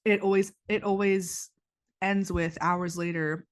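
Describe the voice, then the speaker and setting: A woman's voice: mid-range voice, fairly even intonation, a little slow. Chatty young woman with a stuffy nose. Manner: rambling, heavy use of "like", frequent restarts. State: stuffy nose after crying. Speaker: podcast host. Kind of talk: casual confessional chat. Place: indoors, warm room.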